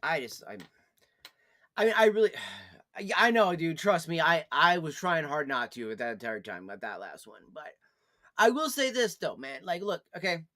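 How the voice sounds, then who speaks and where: A man on a casual live stream, scolding someone in profane rants that swing from low, weary sighs to loud yelling. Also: very animated, normal speed.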